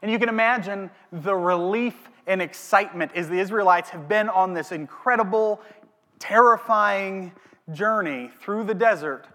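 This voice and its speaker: A man preaching a sermon as a pastor, animated, asking the congregation questions. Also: high voice, normal speed. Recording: long hall reverb.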